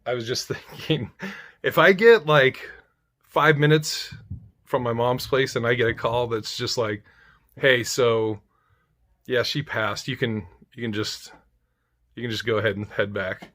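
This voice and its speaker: A man casually telling a darkly funny personal story, wry and profane, breaking into loud mock outrage. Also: mid-range voice, unhurried, pauses often.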